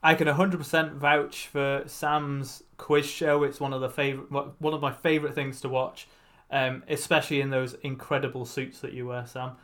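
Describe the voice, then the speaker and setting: A man's voice: medium pitch, level tone, moderate pace, few pauses, a bit bright. A man co-hosting a podcast, talking casually with frequent restarts. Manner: chatty, stumbling restarts. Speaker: podcast co-host.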